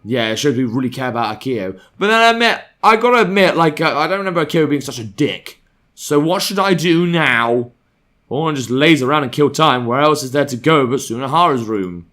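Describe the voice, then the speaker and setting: A man's voice: a little high, expressive, a little fast, fairly bright tone. A man reading a visual novel aloud as a let's play host, cutting in with sarcastic, crude jokes.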